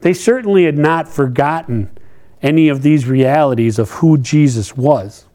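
A man's voice: on the high side, moderate pace, mellow. A middle-aged man preaching a sermon in a conversational way, asking his listeners questions as he talks them through scripture. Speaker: pastor.

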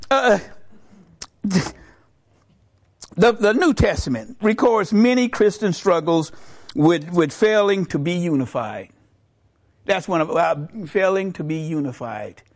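A man's voice: high-pitched, slow pace, long pauses. A middle-aged man preaching a sermon, telling a joke and acting out its characters in a storytelling manner. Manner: storytelling, animated voices for characters.

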